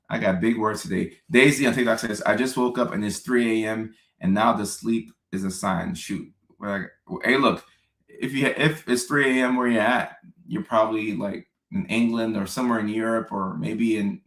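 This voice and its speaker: A man with a lowish voice hosts a live question-and-answer stream as a psychiatrist, reading out viewer comments in a loose, casual way. He tends to repeat a line twice for emphasis. The sound is echoey, as if he is in a bare room. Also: a bit bright.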